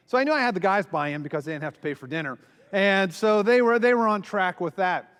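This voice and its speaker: Guy pastor telling a story on stage, kinda high voice, acts out the quotes, big echoey hall. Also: animated, a little fast, fairly bright tone, smooth. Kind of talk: conference talk with storytelling. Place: large hall before an audience. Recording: long reverb of a large hall.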